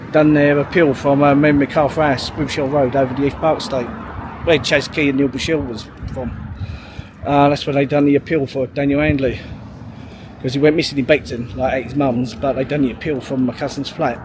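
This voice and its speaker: A man's voice: mid-range voice, steady tone, normal speed, noisy background. A man, telling a long story in a rambling, sweary way, full of fillers and restarts. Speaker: vlogger. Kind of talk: casual storytelling monologue.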